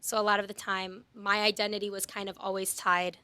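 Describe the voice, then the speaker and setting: Twenties jersey girl on a podcast, bright voice, laughs a lot, restarts her sentences. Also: mid-range voice, level tone, brisk, clear, resonant tone. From New Jersey. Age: 20s. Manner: chatty, laughs easily, self-interrupting. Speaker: podcast guest. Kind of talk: casual testimony chat.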